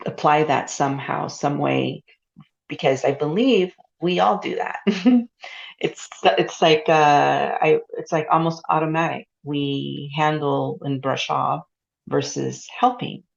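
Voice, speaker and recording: Low, gravelly-voiced woman hosting a podcast. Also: fairly even intonation, slow, highs cut off. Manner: reflective, encouraging, says frequent affirming "mm-hmm". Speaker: podcast host. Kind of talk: casual interview.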